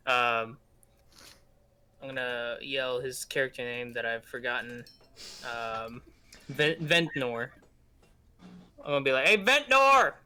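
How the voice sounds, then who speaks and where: A man's voice: mid-range voice, fairly even intonation, takes it slowly, pauses often, pushed and bright. A man playing a tabletop game, joking and self-deprecating in casual chat. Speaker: player.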